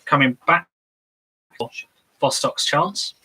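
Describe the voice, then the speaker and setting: Man, co-host, casual chat, bright clear tone, hesitant fillers. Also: fairly high pitch, slow, low-quality recording. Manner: rambling, hesitant, many fillers.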